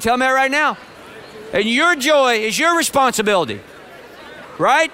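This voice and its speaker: Pastor, male, clear smooth voice, high for a man; earnest, repetitive sermon delivery. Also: lively intonation, fairly quick, pushed and bright. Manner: earnest, direct, repeats phrases for emphasis. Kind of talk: sermon to a congregation.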